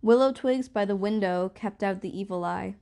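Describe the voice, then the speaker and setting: A woman reads a first-person novel aloud as an audiobook. Her delivery is even and measured. Her voice sits in a middling range for a woman. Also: medium pitch, vocal fry. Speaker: audiobook narrator.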